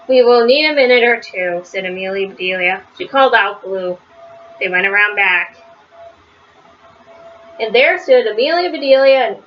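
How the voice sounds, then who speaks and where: A woman reading a children's picture book aloud, with a lively delivery that rises high on the characters' shouts. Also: highs cut off, a little hiss or hum. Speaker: storybook reader.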